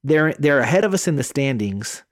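A man co-hosting a podcast, telling a story in a casual, animated way with plenty of swearing. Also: mid-range voice, moderate pace, no room sound, clean studio sound. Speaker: podcast co-host.

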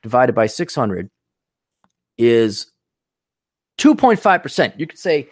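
A man hosting a solo podcast in a blunt, scornful rant full of swearing. He drifts from tangent to tangent and keeps restarting his sentences. His mid-pitched voice sounds dry and close, with no room echo. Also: very animated, takes it slowly, long pauses. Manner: profane, blunt, scornful ranting; loose, digressive, with frequent restarts. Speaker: podcast host.

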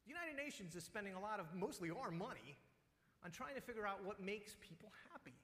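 A man's voice: high voice, sing-song, quick pace, fairly bright tone. A man preaching a sermon as pastor, talking conversationally and telling personal stories. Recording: long hall reverb.

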